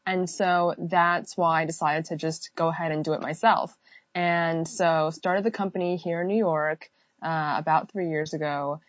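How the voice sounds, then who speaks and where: A woman's voice: sits low, steady tone, normal speed, dry recording, muffled recording. A woman who founded a company, answering interview questions fluently and explaining her work at length. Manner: fluent, explanatory, many "so" openers.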